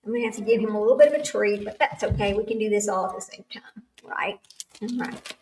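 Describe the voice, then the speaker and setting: A woman's voice: mid-range voice, steady tone, fast, darkish tone, a little hiss or hum. Older woman, livestream host, rambling chatty manner with laughs; sits back from the mic. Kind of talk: casual chat with live chat. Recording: echoey room, far from the mic.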